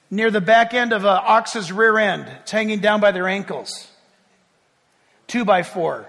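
A man preaching as a pastor, animated, moving from hushed tones to loud calls. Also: high-pitched. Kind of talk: sermon. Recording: long reverb of a large hall.

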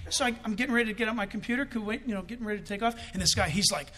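A man's voice: high-pitched, very fast, bright, forceful tone. A man preaching a sermon and telling a comic story, acting out the voices of the people in it.

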